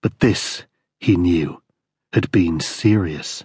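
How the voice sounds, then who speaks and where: A man reading a crime thriller audiobook as narrator, in steady, grim storytelling. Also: medium pitch, measured pace, slightly rough, no echo, studio quality. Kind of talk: scripted narration.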